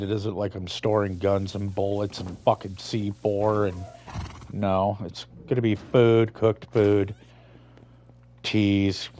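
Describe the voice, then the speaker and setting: A man's voice: deep voice, darkish tone, slight background noise. A man giving casual, profane, rambling commentary while playing a video game, hosting his own channel. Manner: profane, rambling, laid-back. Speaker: gaming channel host.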